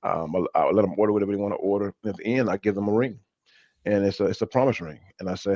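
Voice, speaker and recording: A church leader co-hosting a talk show speaks very fast in a lowish, mellow voice, earnestly telling personal stories and frequently restarting sentences. The recording is dull, dry, and lo-fi with no echo.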